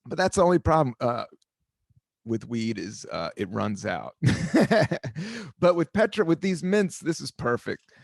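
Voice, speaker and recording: A podcast host and comedian talks casually on his own show in a gravelly, medium-pitched voice with big swings in pitch, at a moderate pace. His solo monologue is laid-back and rambling, hopping between topics and now and then slipping into a playful sing-song. The recording is dry, with clean studio sound.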